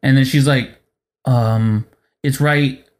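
A man's voice: medium pitch, steady tone, takes it slowly, a little mellow. A young man co-hosting a casual chat, ranting in a profane, exasperated way and acting out the other people in his story. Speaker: podcast co-host.

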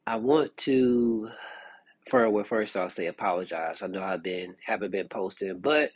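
A man's voice: fairly low pitch, unhurried, slightly rough, dry recording. A man hosting a podcast, talking casually in a rambling commentary with lots of fillers and restarts. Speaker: podcast host.

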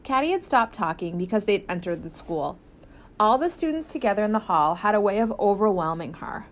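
A woman narrating a children's novel as an audiobook in a lively, expressive reading. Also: medium pitch, brisk. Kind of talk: scripted narration.

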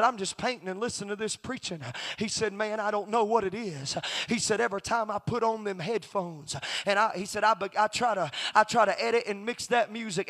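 A male preacher telling a story in a youth convention sermon, building from a steady tale to shouted preaching. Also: high voice.

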